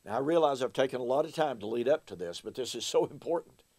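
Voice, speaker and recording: A man's voice: mid-range voice, lively intonation, fast talker, a little mellow. A man giving a recorded Bible teaching, emphatic and fond of rhetorical questions aimed at his listeners.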